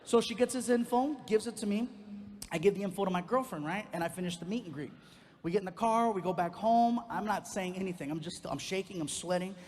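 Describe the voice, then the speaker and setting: A male stand-up comedian telling a long personal story on stage, animated and acting out the other voices. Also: high-pitched, a little fast, a little hiss or hum. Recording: live hall recording with long reverb.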